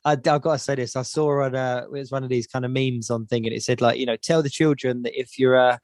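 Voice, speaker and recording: A man's voice: medium pitch, fairly even intonation, fast, a little mellow, dry recording, studio quality. A man co-hosting a casual podcast chat, rambling and repeating words as he thinks. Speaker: podcast co-host.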